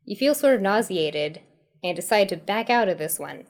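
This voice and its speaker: A woman's voice: mid-range voice, expressive, moderate pace. Giggly woman reading a comic horror tale. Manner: breaks into giggles while reading. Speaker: storyteller host. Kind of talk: reading a choose-your-path horror comedy tale.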